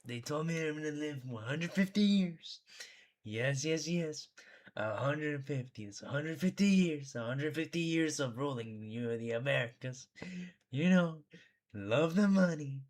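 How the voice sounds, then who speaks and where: A man's voice: on the high side, expressive, measured pace, pitched above the performer's own voice. A man doing an impression of a boastful aging male politician, with a smug, self-satisfied drawl.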